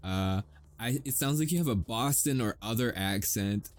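A man's voice: on the low side, normal speed, no room sound. An American man who makes audio roleplays, chatting casually and rambling to his listeners, swearing and chuckling often.

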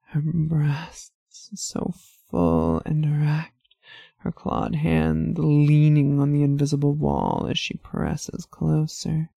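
Woman, second-person story narration, hushed, dark and mellow tone, dry close sound, slightly muffled. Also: gravelly, slightly rough, dry recording. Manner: slow, hushed, low-key.

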